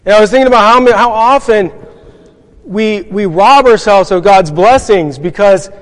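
A man's voice: high-pitched, big-room sound. A man preaching a sermon, earnest and reading scripture, asking his listeners rhetorical questions along the way.

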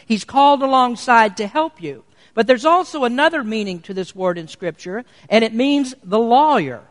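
Male pastor, high voice, earnest deliberate sermon delivery, church-hall reverb. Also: fairly bright tone. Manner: earnest preaching, slows for emphasis.

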